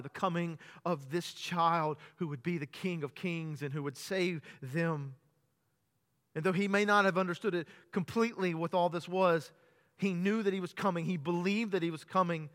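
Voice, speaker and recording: A man preaching a sermon in a church during a morning service. He repeats words as he builds up, calls his listeners "beloved," and moves between hushed, low passages and loud, raised preaching. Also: steady tone, normal speed, in a large hall. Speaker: pastor.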